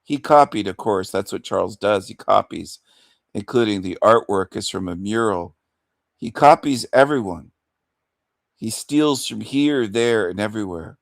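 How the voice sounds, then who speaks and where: A man's voice: lowish voice, unhurried, creaky, dry recording, clean studio sound. A man hosting a livestream rant in a mocking, taunting manner, chuckling between insults. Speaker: livestream host.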